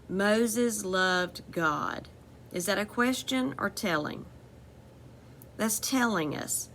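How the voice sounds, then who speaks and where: A woman's voice: mid-range voice, creaky, fairly bright tone, slight background noise. A woman teaching a phonics lesson to children, patiently repeating each word and giving step-by-step instructions.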